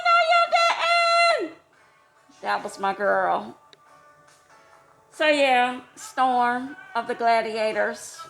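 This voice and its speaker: A woman telling a casual personal story, chatty and quick to laugh, her voice jumping high when she gets excited. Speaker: vlogger. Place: homeless shelter.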